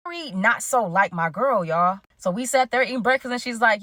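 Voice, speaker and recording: A young adult woman rattles through her story at a fast clip, her voice sitting a little high. She keeps calling out to listeners and slips into quoted dialogue as she goes. The sound is dry and close, with no room around it. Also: no room sound. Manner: animated, addresses listeners as "y'all", acts out quoted dialogue. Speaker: caller telling her story. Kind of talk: casual storytelling.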